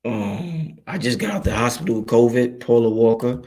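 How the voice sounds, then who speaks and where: At a moderate pace and medium pitch, a man from Brooklyn hosts an easygoing livestream, reading and responding to chat in loose, profane talk. He's lively and street-savvy, speaking directly to those watching.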